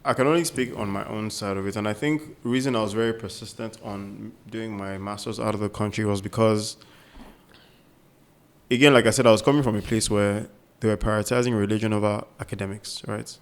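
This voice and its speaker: A man's voice: lowish voice, steady tone, fairly quick. A young man co-hosting a podcast, speaking earnestly and emphatically and repeating his key points. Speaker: podcast co-host. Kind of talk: casual conversation.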